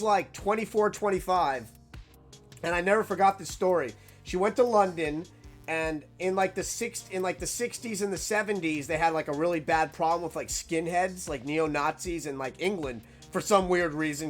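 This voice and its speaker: A young man telling a casual, rambling story, animated and full of "like" fillers. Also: on the high side, moderate pace, faint music behind.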